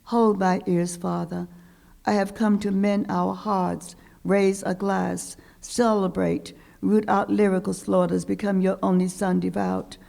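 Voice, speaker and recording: A woman's voice: mid-range voice, level tone, measured pace, creaky, mellow. A woman voicing a son pleading for forgiveness. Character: grieving young man begging his father's forgiveness.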